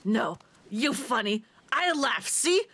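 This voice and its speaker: A woman's voice: fairly high pitch, big pitch swings, slow, fairly bright tone, heavily acted. A woman voicing a hostile lizard-folk warrior from a video game who talks in broken, clipped phrases. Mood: menacing.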